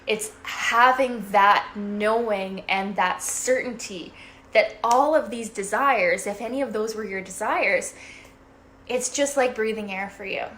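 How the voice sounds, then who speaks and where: A woman life coach talks straight to her livestream viewers in a loose, chatty way, dropping swear words and checking in with "right?" after almost every point. Her voice sits at an ordinary middle pitch, with faint noise behind her. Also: unhurried, a bit bright. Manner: chatty, swears freely, keeps asking "right?". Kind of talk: casual motivational livestream talk.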